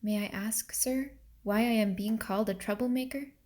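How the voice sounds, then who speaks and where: A woman's voice: a little high, normal speed, a little mellow, lightly acted. A woman voicing a timid but proud young mill girl in a storybook reading, speaking deferentially. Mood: timidly bold. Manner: hesitant, deferential, then defiant.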